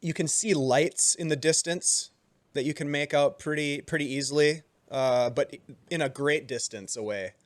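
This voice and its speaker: A man's voice: fairly high pitch, normal speed, dry recording. Man running a tabletop game, dry sound. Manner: relaxed, loose, lots of ums and restarts, chuckles. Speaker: game master.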